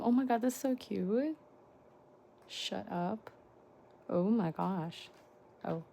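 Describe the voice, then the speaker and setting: A young woman vlogger unboxing fan merchandise in casual chat, gushing and excitable with frequent gasps and exclamations. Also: medium pitch, gravelly.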